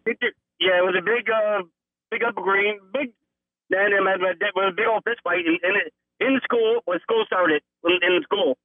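A middle-aged man calling into a radio show, talking in a halting way and repeating himself. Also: high-pitched, no echo. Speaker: caller. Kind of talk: casual phone-in talk. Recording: tinny phone line.

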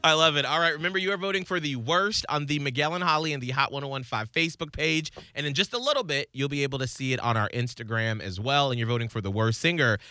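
A man's voice: mid-range voice, quick pace, few pauses, sharp tone, no echo, studio quality. A man co-hosting a radio show, chatting casually and hyping up his co-hosts. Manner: upbeat, hypes up co-hosts. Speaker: radio co-host.

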